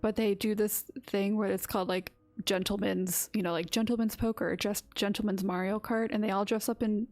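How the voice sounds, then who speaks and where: A woman's voice: mid-range voice, steady tone, brisk, hardly any pauses, darkish tone, dry recording. A woman streaming a game, chatting casually with lots of "like" and reading dialogue lines aloud.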